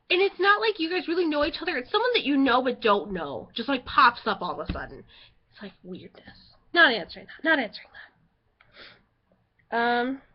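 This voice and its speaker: Teen girl vlogging, high voice, chatty w lots of likes, gets loud when hyped, muffled lo-fi audio. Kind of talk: casual storytelling vlog.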